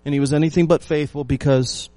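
A pastor with a higher voice preaches a sermon at a fast clip, his intonation fairly even, in a dry recording. He poses rhetorical questions, repeats phrases for emphasis and swings between loud lines and hushed ones.

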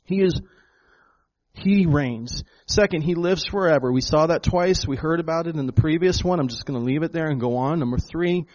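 A man preaching a sermon in a church hall, his voice on the high side for a man. He speaks with emphatic conviction, doubling words as he presses his points to the congregation. The recording is dull and lo-fi. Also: normal speed, a little mellow. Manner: emphatic, repeats words, addresses the congregation as folks. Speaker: pastor.

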